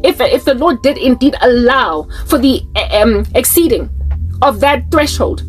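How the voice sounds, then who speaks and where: South African woman, high voice, impassioned and pleading, faith monologue, faint music behind. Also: lively intonation, measured pace. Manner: impassioned, pleading, restarts mid-sentence. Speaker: Christian vlogger.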